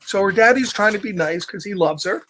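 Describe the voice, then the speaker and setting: A man reading a picture book aloud to young children, with animated, chatty asides to his listeners. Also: high-pitched, brisk, slight background noise. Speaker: storytime reader for children.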